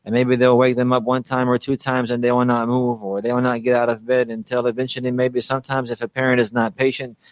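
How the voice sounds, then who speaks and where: A man's voice: mid-range voice, completely flat delivery, fast talker, hardly any pauses, clear, resonant tone, dry recording. A man giving a religious lesson on manners, often repeating a phrase to stress it and restarting his sentences. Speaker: Islamic teacher.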